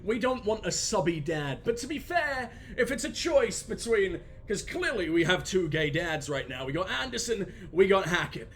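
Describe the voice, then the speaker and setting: A young man doing crude, joking, excitable gaming commentary. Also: high voice, moderate pace, slight background noise.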